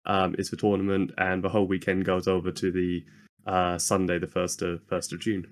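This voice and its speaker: Lower-pitched male co-host, hesitant and relaxed, podcast mic. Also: moderate pace. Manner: hesitant, lots of ums and likes. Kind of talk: casual chat.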